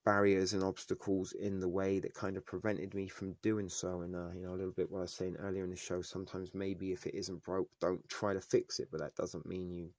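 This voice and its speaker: Middle-aged man, low-voiced live stream host, rambling and jokey, dry close sound. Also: little pitch movement, fairly quick, few pauses, a little mellow, no room sound. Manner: rambling, joking, full of fillers and tangents. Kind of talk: casual live stream chat.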